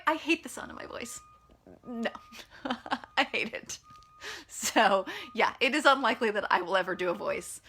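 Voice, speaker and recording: A woman's voice: on the high side, pushed and bright. An American woman, an author, chatting casually through a live reader Q&A in a frank, self-deprecating way with lots of fillers. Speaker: author answering reader questions. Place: at home in California.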